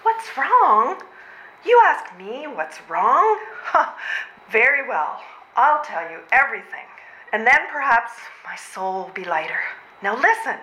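A woman's voice: on the high side, sing-song, measured pace, bright, forceful tone, full character voice. A woman plays a worn-out, frantic mother and civil servant in a live stage comedy reading, overwrought, sighing and out of breath. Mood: aggrieved complaining. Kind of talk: readers' theatre stage comedy. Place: old train station before a live audience. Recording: roomy hall sound.

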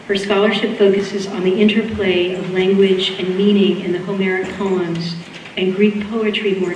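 Boston-accented woman host, rambling intro full of "um"s, distant mic in a reverberant hall. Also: mid-range voice. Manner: warm rambling with fillers and laughs. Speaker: school event host introducing speakers. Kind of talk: live lecture introduction. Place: lecture hall. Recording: echoey hall, distant mic, faint room noise.

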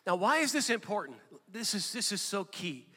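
A man preaching a sermon with animated delivery that swells into emphatic bursts. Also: high voice, normal speed. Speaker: pastor. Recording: long hall reverb.

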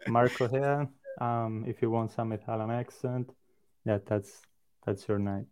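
A man who is a video editor, chatting briefly and relaxed on a live stream. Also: medium pitch, measured pace, clean tone. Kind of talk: casual live-stream chat.

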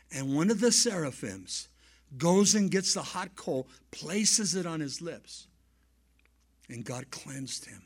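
A male pastor preaching a sermon and telling stories, swinging from soft asides to loud emphasis. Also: on the high side, slow, slightly rough. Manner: animated storyteller, swings between soft and loud. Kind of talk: sermon with storytelling.

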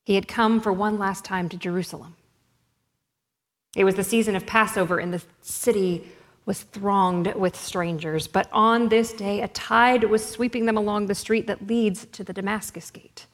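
Reading a story aloud, a woman uses a measured, expressive delivery at a mid-level pitch. Each line trails off into a long hall reverb.

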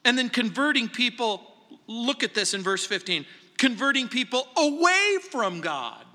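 A man preaches in a high, sharp and forceful voice, talking to his congregation in a conversational way. He drops to quiet asides and then presses hard on key words. His voice rings with a long reverb from the church hall. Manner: conversational and emphatic, swinging between quiet asides and raised stresses. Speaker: pastor. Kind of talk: verse-by-verse sermon. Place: church sanctuary.

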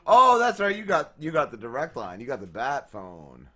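A man co-hosting a comedy podcast, tossing in quick jokey interjections and finishing his co-host's sentences. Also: on the high side, huge pitch swings, a bit bright. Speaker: podcast co-host. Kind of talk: casual comedic banter.

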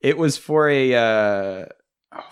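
A man's voice: medium pitch, clean tone. A young man co-hosting a podcast, rambling and joking with frequent swearing in casual chat. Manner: profane, rambling, quick to joke. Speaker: podcast co-host.

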